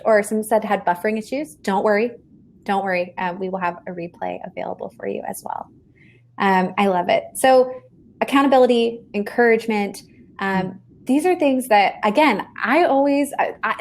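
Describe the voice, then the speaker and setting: A woman hosting a live webinar, reacting warmly and passing on chat notes to viewers. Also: mid-range voice. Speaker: webinar host. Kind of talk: casual live-stream hosting.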